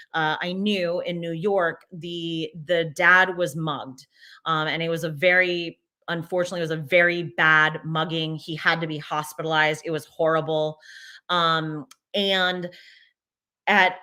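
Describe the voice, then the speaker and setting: Woman, bright tense voice, casual talk, restarts and fillers, firm and emphatic. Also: fairly low pitch. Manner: rambling, many restarts and fillers. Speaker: speaker addressing an audience.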